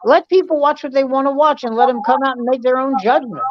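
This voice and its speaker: A woman comedian in casual chat, telling stories in an animated, profane way. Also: high voice, fast talker. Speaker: comedian guest. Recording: dull, dry sound.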